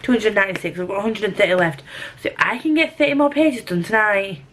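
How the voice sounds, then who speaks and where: A young woman vlogging in a casual, rambling, animated way, poking fun at herself. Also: medium pitch, fast talker. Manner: chatty, rambling, animated, self-mocking. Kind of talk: casual rambling vlog chat.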